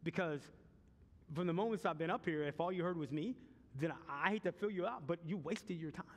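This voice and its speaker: High-voiced man in his forties preaching in a church hall. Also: brisk. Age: 40s. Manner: swings between loud preaching and hushed, quiet questions; stammers and repeats words. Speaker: pastor. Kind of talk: sermon. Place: church sanctuary. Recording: long reverb of a church hall.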